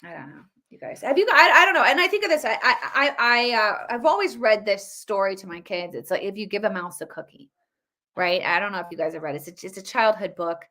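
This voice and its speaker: A woman's voice: mid-range voice, lively intonation, fast talker, bright, forceful tone. A woman in her thirties hosting casual solo political commentary, emphatic and conversational with frequent restarts and fillers.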